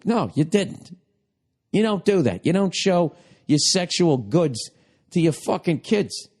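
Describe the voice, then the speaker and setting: A man's voice: mid-range voice, a little mellow. A man with a Boston accent in a profane, mocking comedic rant, swearing and doing voices. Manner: ranting, swearing, mocking imitations. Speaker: comedian, podcast host.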